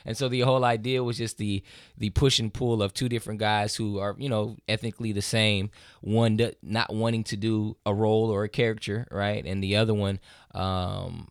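In a laid-back podcast chat, this American co-host speaks at normal speed in a smooth, fairly low voice. He's conversational, uses plenty of fillers, and livens up when retelling stories, all in studio-quality audio with no echo.

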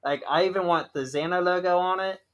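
A man's voice: high-pitched, brisk, fairly bright tone. A young man co-hosting a podcast, telling rambling stories with lots of "like" in casual chat. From Ohio, USA. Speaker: podcast co-host.

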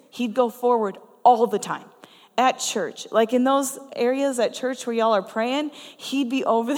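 A woman preaching a sermon in a church, telling personal stories in an earnest, conversational way. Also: fairly high pitch. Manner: conversational and earnest, with frequent laughs. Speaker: guest preacher. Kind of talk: storytelling sermon. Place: church sanctuary. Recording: long reverb of a church hall.

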